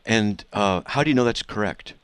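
A man's voice: fairly low pitch, normal speed, smooth, no echo. A man hosting a call-in radio debate who presses a caller with repeated questions and cuts in often. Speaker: radio host.

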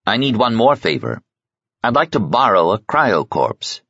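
Slick confident investigator guy, narrator voicing him, husky, lively delivery. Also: fairly low pitch, a little slow, no room sound, pitched above the performer's own voice, full character voice. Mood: persuasive. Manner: smooth, persuasive. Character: confident male covert investigator, smooth talker. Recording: slightly muffled sound.

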